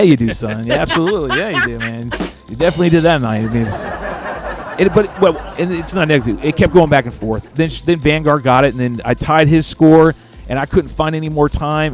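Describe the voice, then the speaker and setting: A man hosting a podcast, telling stories in an animated, casual way and swearing freely. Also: on the high side. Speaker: podcast host. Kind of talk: casual chat.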